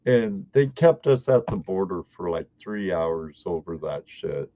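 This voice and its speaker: A man's voice: sits low, lively intonation, warm tone, no room sound, lo-fi sound. A man from Washington state, a prospector guest, telling rambling stories in a casual chat. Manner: slow rambling storyteller.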